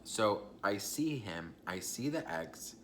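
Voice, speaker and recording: Young man dishing gossip in a lowish voice. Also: expressive, slow, fairly bright tone, slight background noise. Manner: chatty, gossipy, swears casually and addresses the viewers directly. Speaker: vlogger. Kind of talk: casual storytime vlog.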